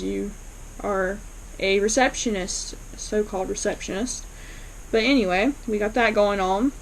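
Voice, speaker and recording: A woman's voice: on the high side, rough recording. A woman casually recapping a TV episode, retelling scenes with quoted lines and laughing along. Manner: chatty retelling with quoted dialogue, laughs often. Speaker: fan reviewing a TV episode.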